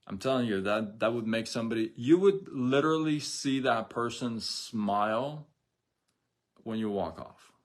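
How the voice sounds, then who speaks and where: A man's voice: medium pitch, a little slow. A middle-aged man hosting a casual motivational live stream, talking animatedly with restarts and speaking to viewers in the chat.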